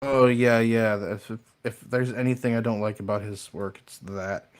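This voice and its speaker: A man's voice: fairly low pitch, fairly even intonation, moderate pace. A man in a casual live chat, enthusiastic and jokey, given to exaggerated playful threats.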